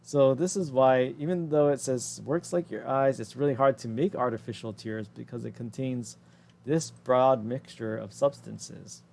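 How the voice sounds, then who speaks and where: A man teaching an anatomy and physiology lesson over slides, explaining in a casual way that often corrects itself mid-sentence and drifts into quick asides. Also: mid-range voice, gravelly, darkish tone. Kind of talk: recorded lecture over slides.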